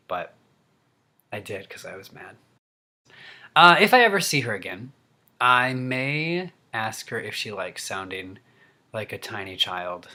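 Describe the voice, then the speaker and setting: A man with a bright, forward voice rants to the camera, animated and worked up. He tells a funny vlog story in casual, chatty speech at a middle pitch. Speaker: actor and vlogger. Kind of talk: humorous rant.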